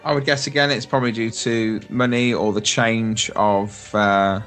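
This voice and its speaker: A man's voice: lowish voice, steady tone, normal speed, fairly bright tone, soft background music. A man hosting a casual podcast chat, rambling and enthusiastic as he talks through theme park news. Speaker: podcast host.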